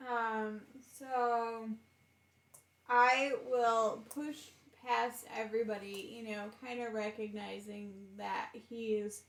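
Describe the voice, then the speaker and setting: Slow, hesitant woman player. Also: on the high side, level tone, fairly bright tone, roomy sound. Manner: hesitant, many fillers. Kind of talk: casual tabletop play.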